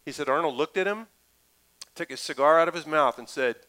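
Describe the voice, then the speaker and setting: Bright-voiced man preaching a casual sermon. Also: a little high, fairly quick, low-quality recording. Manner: lively, conversational preaching with asides. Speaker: pastor.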